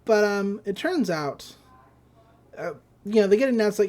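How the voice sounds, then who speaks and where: A podcast host recapping a cartoon episode in loose, casual chat. The delivery rambles with fillers and quick character impressions, at a middling pitch and an everyday pace. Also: lively intonation, darkish tone. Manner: rambling, amused, lots of fillers and quoted voices.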